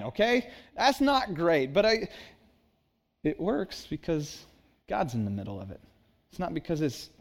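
A man's voice: sits high, vocal fry. A man preaching a sermon in an earnest, conversational way, acting out little asides. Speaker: pastor.

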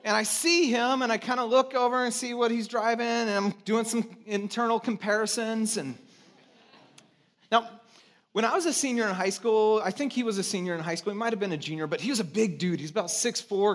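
A man's voice: sits high, steady tone, brisk, a bit bright. A man in his thirties from California, preaching a sermon as a pastor in a conversational storytelling way with self-mocking humor.

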